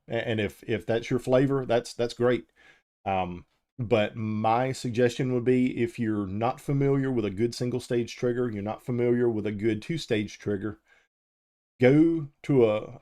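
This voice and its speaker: A man hosting a live firearms show, talking casually and answering viewers' chat questions, with frequent ums and uhs. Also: fairly low pitch. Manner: relaxed and conversational, with frequent "uh" and "um".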